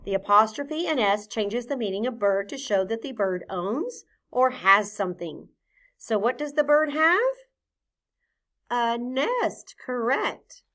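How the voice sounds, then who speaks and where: A woman teaching a phonics lesson to young children, patient and clear, sounding out each letter sound deliberately. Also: fairly high pitch, animated, a bit bright.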